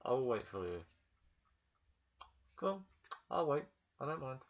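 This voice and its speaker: A man giving a casual, excitable movie review vlog, chatting straight to the viewer and often repeating himself. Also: medium pitch, unhurried, vocal fry. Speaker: vlogger. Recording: dull lo-fi recording.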